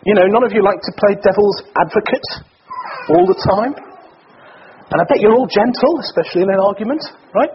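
Man, preacher, sermon, chatty and joking, quizzes the congregation, high voice, muffled lo-fi sound. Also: expressive, fairly quick. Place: church gathering. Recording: muffled lo-fi recording with faint hiss.

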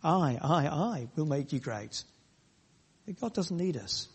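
Emphatic preacher in a reverberant hall. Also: male voice, fairly high pitch, expressive, husky. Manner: emphatic, repetitive, pausing phrases. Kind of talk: sermon.

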